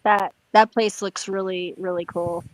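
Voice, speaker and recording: A woman's voice: medium pitch, steady tone, a little slow, no room sound, rough recording. A woman in a casual group voice chat who hedges and fills her talk with "like.". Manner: hedging, filler-heavy talk.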